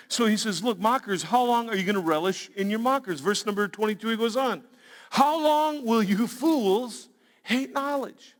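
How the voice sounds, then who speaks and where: A man preaching a sermon as a pastor, animated, acting out quoted voices and asides. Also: sits high. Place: large church auditorium. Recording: long reverb of a large church hall.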